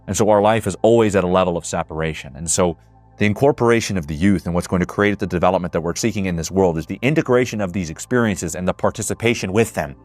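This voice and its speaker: Deep voiced guy in his 20s talking fast and earnest about feelings, swears sometimes. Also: darkish tone, no echo, faint music behind. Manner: earnest, builds to emotional intensity; swears casually. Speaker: speaker. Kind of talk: reflective monologue.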